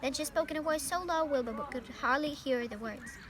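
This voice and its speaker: A woman's voice: high-pitched, brisk, crowd noise. A young woman from Ukraine, a native Ukrainian speaker, carefully reading a children's novel aloud in English with small slips. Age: young adult. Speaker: reader.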